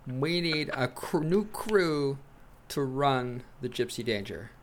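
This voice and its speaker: A man hosting a casual podcast and posing the questions, playful and laughing as he pitches ideas. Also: expressive, slow pace. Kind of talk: casual banter.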